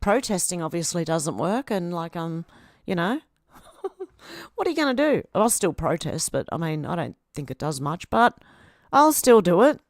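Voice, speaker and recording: A woman's voice: lowish voice, very animated, measured pace, no room sound, clean studio sound. A woman with an Australian accent, chatting casually on a live stream as she reads out viewer comments and reacts to them. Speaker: video host reading viewer comments.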